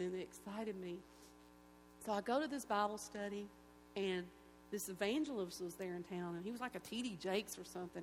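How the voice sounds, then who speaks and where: A woman at a church gathering tells her personal testimony in an animated, emotional way, acting out the voices of the people in her story. Her voice sits at a middle pitch and carries through a hall with a long, echoing reverb and a faint hum underneath. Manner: animated storyteller who acts out quoted voices. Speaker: guest giving a personal testimony.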